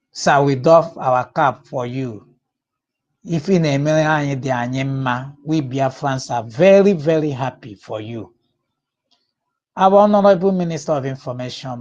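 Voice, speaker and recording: A man giving slow, formal greetings to fellow members of an online audio room. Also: mid-range voice, lo-fi sound. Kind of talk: chanting then formal greetings.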